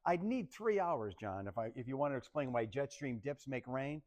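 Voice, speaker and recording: A man's voice: medium pitch, moderate pace. A man presenting a casual TV weather forecast, joking and laughing with a co-host. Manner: playful, animated, laughs often. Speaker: TV meteorologist.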